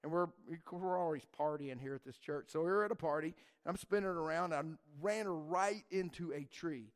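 Young guy youth pastor, kinda high voice, rambling and animated, lots of dude and man. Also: brisk. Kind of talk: casual storytelling to a church group.

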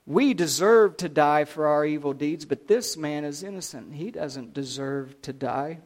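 A man voicing a repentant, humble criminal dying on a cross, speaking hushed and earnest. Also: a little high, measured pace, close to an everyday voice.

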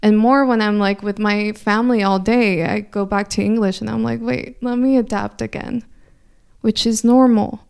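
A woman's voice: medium pitch, fairly even intonation, moderate pace, creaky, darkish tone, clean tone. A young woman from California, a native Spanish speaker with a slight Mexican Spanish accent, telling a reflective personal story in an earnest, thoughtful way. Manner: earnest, thoughtful, frequent restarts.

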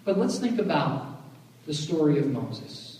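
Man, pastor, sermon, joking conversational manner, slightly high voice, long hall reverb. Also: big pitch swings, a little slow, darkish tone. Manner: joking, conversational, often asks "right?". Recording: echoey hall, voice from far off.

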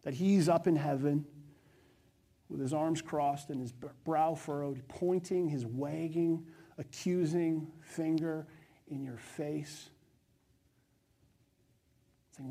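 A male pastor preaching a sermon to his church with passion, his voice swinging from loud, urgent stretches to hushed ones. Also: fairly high pitch, slow, creaky, pauses often.

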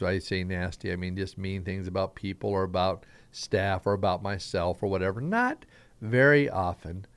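A man's voice: lowish voice, no echo. A middle-aged man from Southern Idaho with a slight Southern twang, preaching a folksy, rambling, earnest radio sermon as a pastor.

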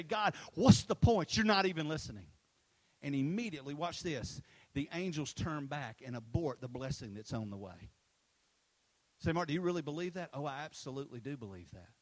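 A middle-aged man preaching a sermon with passion, calling out to the congregation and swinging between loud emphatic lines and hushed ones. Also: high-pitched. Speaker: pastor.

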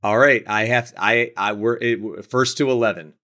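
Halting man musing about a film. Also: medium pitch, steady tone, sharp tone. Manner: halting, restarts often. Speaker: podcast co-host. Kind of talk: casual film discussion.

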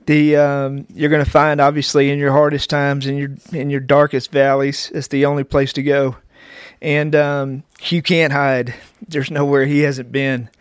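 A man giving an encouraging message, emotional and halting, with many pauses. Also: medium pitch, level tone, clean tone, no room sound, studio quality.

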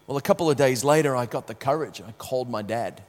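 A man preaching a sermon, telling a personal story with strong swings from hushed to loud, often repeating words as he starts sentences. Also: mid-range voice, quick pace, big-room sound.

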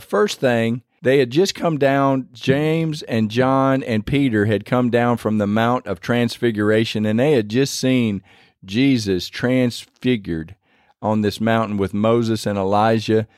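A man delivering a sermon in a plain, mid-pitched voice, speaking earnestly and conversationally as he retells scripture. The sound is dry, with almost no room echo. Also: unhurried. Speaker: preacher.

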